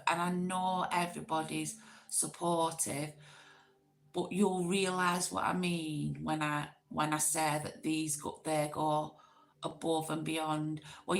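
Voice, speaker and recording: A woman hosting a relaxed livestream chat, praising other creators and greeting viewers in the chat by name. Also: fairly low pitch, rough recording. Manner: gushing, repeats herself, greets chat members. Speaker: livestream host. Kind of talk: casual chat with live viewers.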